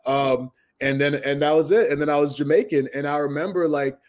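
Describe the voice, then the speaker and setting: Fairly quick, fairly high-pitched and fairly even in intonation, a Massachusetts-born pro wrestler in his thirties tells stories during a casual interview as the guest. He's earnest and restarts many times.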